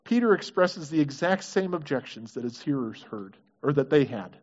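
A man's voice: fairly high pitch, lively intonation, normal speed. A man preaching a sermon, asking his congregation questions in an earnest, engaged way. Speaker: pastor. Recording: dull lo-fi recording.

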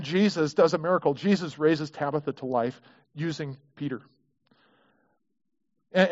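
A man's voice: fairly high pitch, muffled recording. Conversational man preaching a sermon. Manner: conversational, acts out quoted prayers, frequent restarts. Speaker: pastor.

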